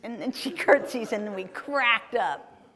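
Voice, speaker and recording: A guest speaker from Ohio, USA gives a chatty, enthusiastic live travel talk with slides in a performing arts center auditorium, often asking the audience questions. Her voice is a little high, expressive and a bit bright, and she takes it slowly. The large hall adds long reverb, and a live audience can be heard.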